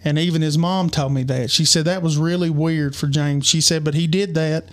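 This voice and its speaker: A man's voice: fairly high pitch, steady tone. Earnest man telling a story. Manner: earnest, halting, many restarts. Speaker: podcast co-host. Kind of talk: personal storytelling.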